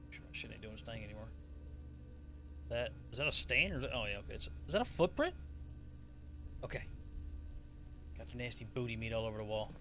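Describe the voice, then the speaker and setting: Excitable, cussing gaming streamer guy. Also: medium pitch, a little fast, long pauses, a little hiss or hum. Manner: excitable and profane, laughs often. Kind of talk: horror gameplay commentary.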